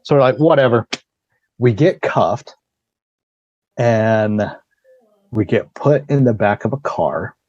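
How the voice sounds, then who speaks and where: A man's voice: fairly low pitch, slow, pauses often, no room sound, lo-fi sound. A man on a podcast telling a long story in a casual way. He acts out what people said and swears freely. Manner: lively storyteller acting out quoted dialogue, swears freely. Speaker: podcast guest.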